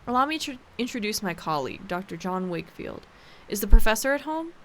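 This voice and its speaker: Brief: woman voicing a grave male doctor in a game, formal, measured delivery, near her own voice. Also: mid-range voice, sing-song, slight background noise, lightly acted.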